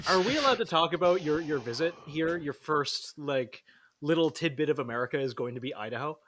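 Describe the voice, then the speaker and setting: A man from Canada co-hosting a podcast, relaxed, with dry humor. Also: fairly high pitch, a little fast, slight background noise. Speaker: podcast co-host. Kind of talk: casual podcast chat.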